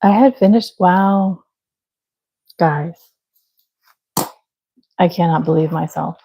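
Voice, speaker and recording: A woman's voice: on the low side, slow pace, gravelly, warm tone, slight background noise, low-quality recording. A young woman hosting a live crochet stream, chatting casually and laughing at herself while she works. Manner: chatty, self-deprecating, talks to viewers while working. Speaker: livestream crochet host.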